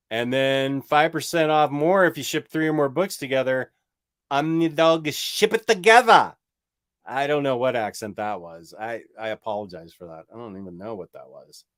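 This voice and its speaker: A man's voice: medium pitch, clean tone. A man hosting a casual comic book livestream, rambling and joking as he answers viewer questions and stumbles over words. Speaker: comic book channel host.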